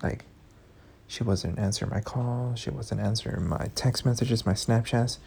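A young adult podcast host, with a medium-pitched, steady, gravelly and somewhat dark voice at normal speed, tells the story of his breakup with candor and emotion, swearing often. A little hiss or hum sits under the recording of this casual storytelling.

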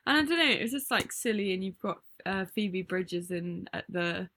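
A woman's voice: medium pitch, lively intonation, moderate pace, a bit bright, slight background noise. A woman co-hosting a podcast in casual chat, giggly and chatty, often trailing off mid-thought. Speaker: podcast co-host.

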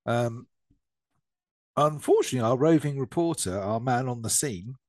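Lively English podcast co-host. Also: male voice, mid-range voice, normal speed, dry recording. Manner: animated, jokey, swearing. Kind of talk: casual banter. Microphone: remote call mic.

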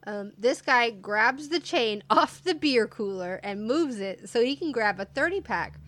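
A woman's voice: on the high side, lively intonation, measured pace, fairly bright tone. A woman casually telling funny work stories, laughing often as she goes. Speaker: podcast co-host telling stories. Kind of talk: casual storytelling chat.

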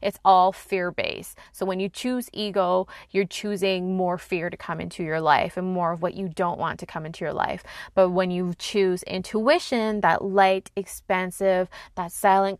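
A woman hosting a solo podcast as an intuition coach, speaking in a calm, earnest and encouraging way. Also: on the low side, clean tone, no echo, clean studio sound.

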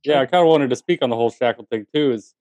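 A man co-hosting a casual chat show, speaking animatedly with frequent "you know" fillers and restarts. His voice sits in a middle pitch, and the recording is dry and close, with no room sound. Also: very fast, a little mellow, dry recording. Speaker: podcast co-host.

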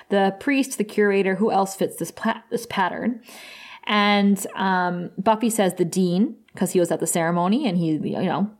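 A woman co-hosting a podcast, recapping an episode in casual chat, loose and chatty with frequent fillers. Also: medium pitch. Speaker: podcast co-host.

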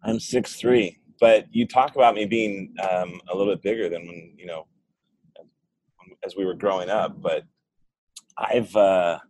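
Deep-voiced man guest on a video call. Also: steady tone, a little mellow. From Arizona. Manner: halting, holding back emotion. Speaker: guest, real estate agent. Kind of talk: casual chat over video call.

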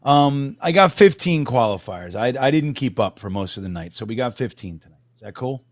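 A man's voice: medium pitch, lively intonation, a little fast, dry recording. A middle-aged man co-hosting a casual sports chat stream, rambling through stories in a laid-back way. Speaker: podcast co-host.

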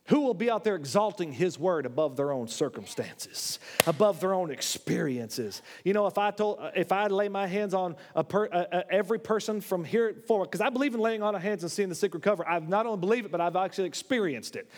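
A man preaching a sermon in a church, animated, swinging between loud, high exclamations and low, quiet asides. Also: brisk, few pauses. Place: church sanctuary. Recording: long hall reverb.

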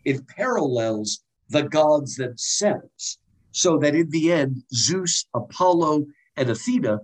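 A man's voice: medium pitch, poor audio. A man talking casually and animatedly about Greek drama, with a lot of restarts. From United States. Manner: animated, digressive, many restarts. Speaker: guest lecturer on Greek drama. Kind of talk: casual explanatory talk.

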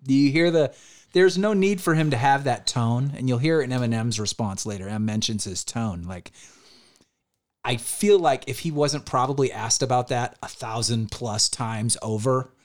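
A man co-hosting a podcast, talking in an animated, opinionated way with lots of "like"s. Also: mid-range voice, moderate pace. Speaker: podcast co-host. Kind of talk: casual chat.

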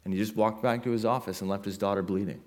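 Male pastor, lowish voice, earnest sermon delivery that builds through repetition. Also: steady tone, fast talker, darkish tone. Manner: earnest, building in intensity with repeated phrases.

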